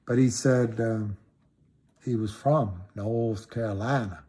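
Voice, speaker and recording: Husky and warm, this middle-aged man speaks slowly with fairly even intonation, though his pitch swings up when he's riled. Hosting a casual stock-talk livestream, he rambles through viewer questions and repeats words over and over for emphasis.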